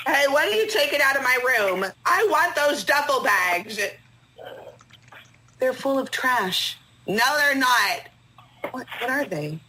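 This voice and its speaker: Woman, tearful and frantic, bright tone that swings high and low. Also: expressive, slow, slight background noise. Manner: tearful, pleading, swearing. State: crying. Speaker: distraught mother in a filmed clip. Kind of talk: emotional real-life argument.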